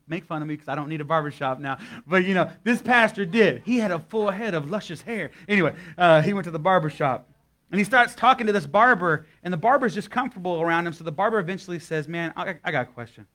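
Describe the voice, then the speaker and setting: A young man with a higher, fairly bright voice serves as guest pastor at a church service. Speaking in a folksy, conversational style to a live congregation, he tells a story and then leads them in prayer.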